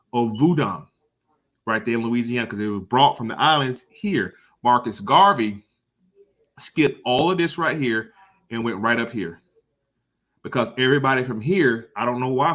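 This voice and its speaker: A man giving an informal, preachy lecture, talking over visuals and swearing freely. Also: mid-range voice. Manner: animated, profane, preachy.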